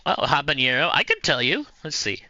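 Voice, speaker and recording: A man's voice: on the high side, sing-song, brisk, sharp tone, dry recording, muffled recording. A man hosting a livestream, casually chatting with viewers in a playful, rambling way. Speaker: livestream host. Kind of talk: casual chat answering viewers.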